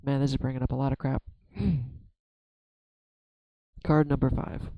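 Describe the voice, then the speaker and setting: Halting, mellow-voiced man reading tarot. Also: medium pitch, level tone, vocal fry, no room sound, rough recording. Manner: halting, self-searching, many restarts. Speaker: tarot reader. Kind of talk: reflective solo tarot vlog.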